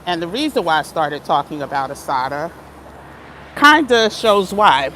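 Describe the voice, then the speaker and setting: A woman's voice: low voice, sing-song, moderate pace, sharp tone, a little hiss or hum. A woman vlogging in a casual, chatty way, often wandering off topic and laughing as she talks to her viewers. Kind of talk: casual vlog talk. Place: outdoors, moving between places.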